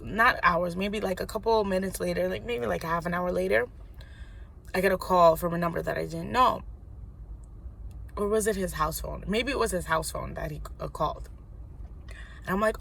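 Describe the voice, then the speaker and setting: A woman's voice: lowish voice, fairly even intonation, moderate pace, gravelly, sharp tone. A young woman from New York vlogging a personal story in a casual, rambling way, full of likes and you knows.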